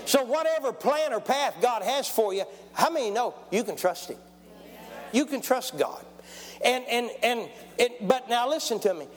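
A man's voice: sits high, lively intonation, fairly quick. A man, preaching a testimony sermon in a folksy storytelling way and calling for amens. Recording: long church hall reverb.

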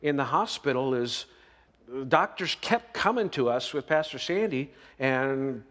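A man preaches in a relaxed, talky way, pushing his voice up for emphasis and checking in with his listeners. His voice rings out with the long reverb of a large hall. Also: mid-range voice, unhurried. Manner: conversational preaching with emphatic rises and "right?" asides. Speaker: pastor. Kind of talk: sermon.

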